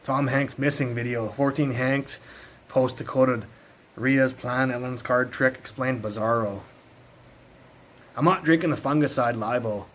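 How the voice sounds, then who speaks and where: A young man speaking casually into a phone on a livestream. His story tumbles out in loose, profane bursts at an ordinary middle pitch. A faint background hum sits under his voice. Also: a little slow, rough recording. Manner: rambling, profane, animated retelling.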